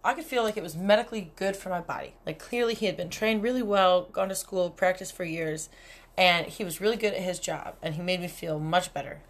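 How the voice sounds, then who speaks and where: A young woman hosts a casual solo podcast and talks straight into the mic. Her voice sits a little low, and she is candid and profane. She laughs often between her lines. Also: brisk. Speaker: podcast host. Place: cabin.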